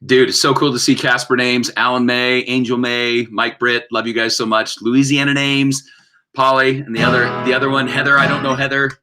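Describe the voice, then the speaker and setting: A man's voice: medium pitch, little pitch movement, fairly quick, pushed and bright. A man co-hosting a casual live-stream chat, tossing in playful, jokey remarks. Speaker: singer-songwriter co-host. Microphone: video call.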